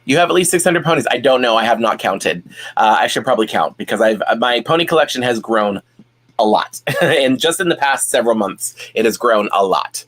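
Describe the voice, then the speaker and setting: A man's voice: mid-range voice, expressive, a little fast, a bit bright. A man hosting a casual live stream at home, chatting and reading viewer comments, rambling with many fillers and restarts.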